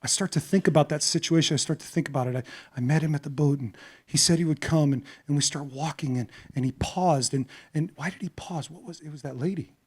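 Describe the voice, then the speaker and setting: A male pastor preaching a sermon, telling a story dramatically, acting out voices and moving from hushed to loud. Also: on the high side, fast talker, slightly rough.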